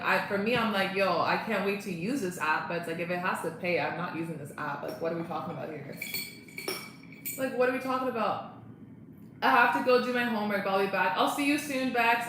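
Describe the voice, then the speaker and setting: A woman's voice: mid-range voice, bright, forceful tone, a little hiss or hum. A young woman chatting casually on a live stream, bubbly and laughing often as she greets viewers. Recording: very echoey room.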